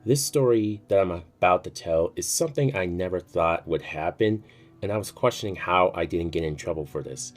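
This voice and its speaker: A storytime YouTuber tells a personal story in a casual, chatty manner, swearing freely. His voice is low and moderately paced, with faint music in the background.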